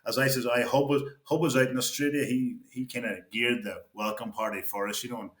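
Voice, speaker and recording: A middle-aged man, a podcast guest recalling old stories in casual chat, halting and restarting his sentences and laughing as he goes. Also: medium pitch, steady tone, a bit bright. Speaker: podcast guest, former player. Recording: echoey room.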